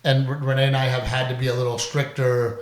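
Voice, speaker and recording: A middle-aged man talks loosely and animatedly, breaking into laughs and the odd curse as he hosts a casual podcast. His voice sits at an ordinary pitch, and the room gives it a noticeable echo. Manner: animated, swearing, quick bursts of laughter. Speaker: podcast host. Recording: roomy echo.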